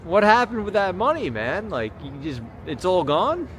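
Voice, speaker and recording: A rambling American man chats to his viewers as he streams from a busy city street at night. His voice sits a little high, and his loose, easy talk keeps breaking off to read comments. Street traffic hums clearly behind him on a small camera mic. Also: big pitch swings, moderate pace, fairly bright tone. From United States. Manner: rambling, chatty, reads comments aloud. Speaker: livestreamer. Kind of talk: casual livestream chat. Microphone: small handheld camera mic. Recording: outdoor street noise. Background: city street traffic noise.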